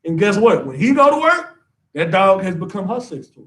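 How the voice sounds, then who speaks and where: A man teaching a class in an animated lecture, ranting, constantly checking in with his listeners and tacking "man" onto his sentences. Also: sits high, moderate pace, distant mic, rough recording. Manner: ranting, keeps asking the audience, says "man" a lot.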